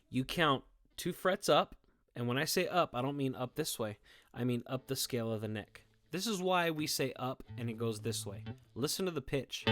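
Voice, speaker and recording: A male music teacher gives his students a guitar lesson indoors, playing as he goes. His medium-pitched voice has a fairly bright tone, and he encourages them warmly, checking in often with "okay?" and "all right?"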